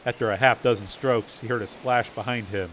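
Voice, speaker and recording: Man narrating a story, steady. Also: on the low side, a little fast, slight background noise. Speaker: audiobook narrator. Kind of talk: scripted narration.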